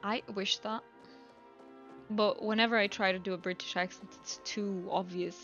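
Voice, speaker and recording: A woman's voice: medium pitch, normal speed, lo-fi sound. Woman, young adult, game streamer, chatty, laid-back, faint music. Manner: relaxed, chatty, laughs easily. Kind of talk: casual live-stream chat.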